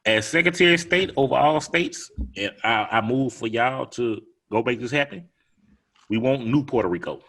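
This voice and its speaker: A man, co-hosting a podcast in animated, laughing casual chat. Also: medium pitch, moderate pace. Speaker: podcast co-host.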